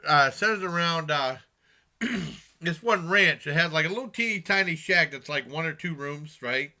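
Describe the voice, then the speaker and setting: A man's voice: fairly high pitch, bright, forceful tone. A man giving a casual spoken movie review, rambling with many fillers and restarts.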